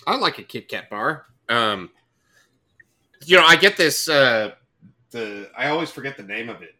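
A man's voice: mid-range voice, expressive, unhurried, sharp tone. A man co-hosting a podcast, joking and teasing in casual chat. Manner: joking, teasing, laughs a lot. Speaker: podcast co-host.

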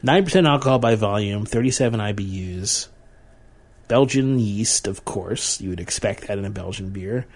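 A man's voice: lowish voice, moderate pace. A man co-hosting a podcast in an easygoing way, casually describing beers and reading out their stats in a matter-of-fact tone. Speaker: podcast co-host. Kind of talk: casual beer-tasting chat.

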